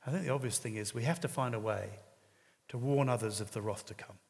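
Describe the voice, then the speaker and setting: A man's voice: medium pitch, fast talker, vocal fry, a little mellow. Man preaching in a reverberant hall. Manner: earnest, conversational preaching with hesitations. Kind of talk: sermon.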